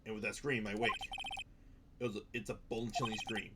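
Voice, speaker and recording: A man's voice: lowish voice, flat delivery, quick pace, heavy background noise. A man hosting a let's play, reading the game's dialogue aloud dramatically and often stumbling and correcting himself. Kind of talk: reading game text aloud. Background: game music.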